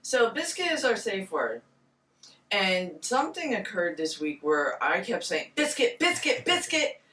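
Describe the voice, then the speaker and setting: Playful female podcast co-host, bright lively voice, recorded off-mic in an echoey room. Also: lowish voice, a little slow, far from the mic, slight background noise. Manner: playful, giggly banter. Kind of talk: casual chat.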